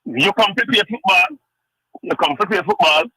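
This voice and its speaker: Jamaican man, sports show host: high, very bright, fast, stammering, dry studio sound. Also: breathy edge, no echo, low-quality recording. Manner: excitable, stammering repeats, cuts in often. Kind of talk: heated studio debate.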